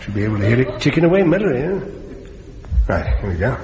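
An actor playing a breezy, chuckling bomb-disposal captain in a radio comedy. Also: male voice, medium pitch, big pitch swings, fast, noisy background, natural voice. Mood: jovial. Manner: jovial and chuckling. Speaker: comedy character. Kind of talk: 1970s radio sitcom acting. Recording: roomy lo-fi studio recording.

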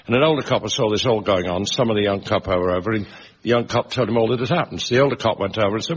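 A man on a comedy panel telling old jokes in a plain, deadpan delivery. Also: lowish voice, racing, husky, muffled recording. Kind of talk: joke telling.

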